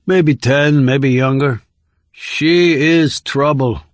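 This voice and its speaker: A male audiobook narrator voicing a surly, fearful male prison camp guard who talks gruffly, then anxiously. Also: medium pitch, takes it slowly, no room sound, lightly acted. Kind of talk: audiobook character voice.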